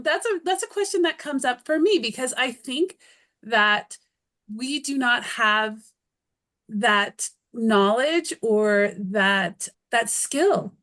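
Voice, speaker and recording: A woman's voice: fairly high pitch, a bit bright. A woman from North America interviewing, thinking aloud and searching for words as she asks her question. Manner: reflective, searching for words, many restarts. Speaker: interviewer, co-host.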